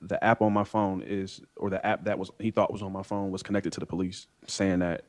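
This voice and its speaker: Man testifying in court, low pitch, rattles through his story acting out what people said. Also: level tone, darkish tone. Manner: rapid storytelling that acts out others' remarks. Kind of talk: courtroom testimony, recounting events.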